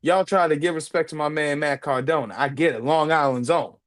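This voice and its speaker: A man's voice: a little high, fairly quick, a bit bright, dry recording. A man co-hosting a casual wrestling podcast. He sounds hyped and emphatic and repeats lines for effect. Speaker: podcast co-host.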